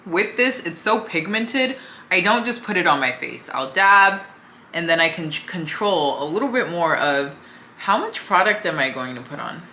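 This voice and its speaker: Expressive and unhurried at a moderate pace, a young woman running a casual makeup tutorial talks easily as she applies products. The beauty vlogger's low voice comes through bright and clear against echoey surroundings and a faint hum.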